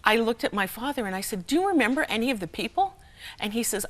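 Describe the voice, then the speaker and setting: In a television studio, a middle-aged woman appears as a talk show guest, a speaker and humorist sharing a personal story. She laughs often and performs the voices of the people involved, speaking quickly in a slightly high, sing-song voice.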